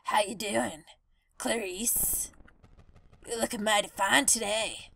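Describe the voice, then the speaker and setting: A woman voicing a brash, crude female seagull who flirts with a low, gruff swagger. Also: steady tone, takes it slowly, bright, forceful tone, exaggerated voice. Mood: flirting.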